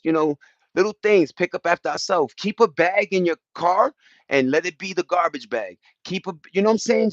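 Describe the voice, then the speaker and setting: A man chatting loosely on a livestream, using street slang and shouting out viewers by name. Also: fairly high pitch, dry recording, lo-fi sound. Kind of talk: casual rambling livestream chat. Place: at home in the countryside, partly outdoors.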